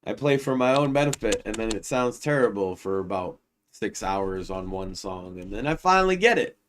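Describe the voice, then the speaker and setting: A man's voice: fairly low pitch, animated, normal speed, a little hiss or hum. A man co-hosting a live stream, telling a long, crude, escalating comic story in a loose, rambling way. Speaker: stream co-host.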